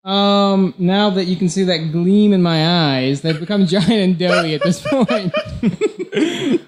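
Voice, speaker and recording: A man playing a tabletop game, describing his moves in a rambling, animated way and laughing often. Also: high voice, slow pace, crowd noise. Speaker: player. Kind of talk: casual tabletop game chat.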